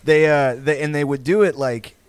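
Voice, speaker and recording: Speaking at a normal speed in a slightly high, clear, resonant voice, a man from Texas hosts a podcast. The recording is dry, and his funny anecdotes ramble, curse freely, and keep restarting.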